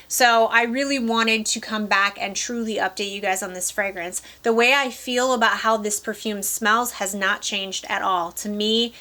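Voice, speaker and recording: A woman's voice: mid-range voice, sharp tone. A woman from Michigan's Upper Peninsula with a light Yooper accent, chatting casually to camera about perfumes she has been wearing. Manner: chatty, enthusiastic, addresses viewers directly. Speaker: perfume vlogger. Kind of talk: casual product review to camera.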